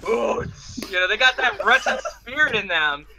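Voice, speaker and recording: A man co-hosting a casual podcast chat, animated and joking, rambling off on tangents. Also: high-pitched, moderate pace, noisy background. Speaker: podcast co-host.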